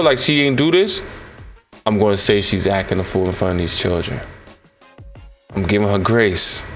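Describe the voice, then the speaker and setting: A man's voice: mid-range voice, a bit bright. A man giving playful, teasing reaction commentary to viewers over video footage.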